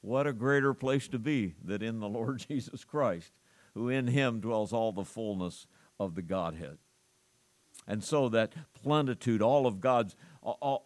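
A man preaching a sermon, slowing down and swelling in volume on key words. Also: mid-range voice, no echo. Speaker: pastor.

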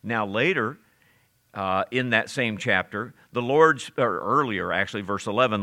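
A man preaching an expository sermon, slowing down to stress the scripture he quotes and turning to the congregation with asides. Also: lowish voice, sharp tone.

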